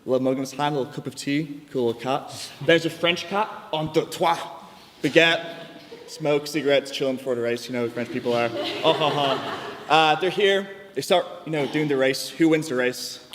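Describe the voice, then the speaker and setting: A man's voice: mid-range voice, normal speed, fairly bright tone. A young man giving a chatty, jokey floor speech in a student debating chamber. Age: young adult. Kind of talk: informal storytelling speech. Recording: long hall reverb, faint background noise.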